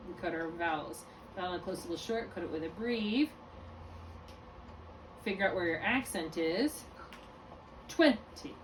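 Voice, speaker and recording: A woman tutoring a student one-on-one in phonics. She explains step by step and often stops to correct herself. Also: on the low side. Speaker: reading tutor. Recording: distant mic with faint room noise.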